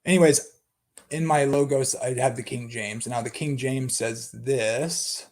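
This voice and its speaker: A man's voice: medium pitch, measured pace. A man giving an unscripted Bible study talk, thinking aloud with many restarts and asides.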